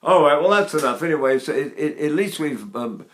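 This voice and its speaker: A man's voice: on the high side, animated, fairly quick, a bit bright, reverberant. Man in his eighties teaching voice. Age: 80s. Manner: rambling, demonstrative, breaks into operatic singing. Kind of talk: informal vocal lesson with sung demonstrations.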